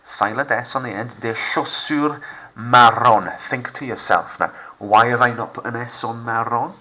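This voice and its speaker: A Welsh man with a low but bright, forceful voice talks through a recorded French lesson. He stays upbeat and jokey, and stretches out French words slowly so learners can repeat them. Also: poor audio. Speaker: secondary school French teacher. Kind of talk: recorded lockdown lesson narration.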